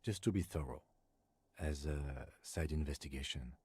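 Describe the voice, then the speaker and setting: A man voicing a calm, reserved police lieutenant in a video game, dry and matter-of-fact. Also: rumbling low, normal speed, slightly rough, no room sound, heavily acted.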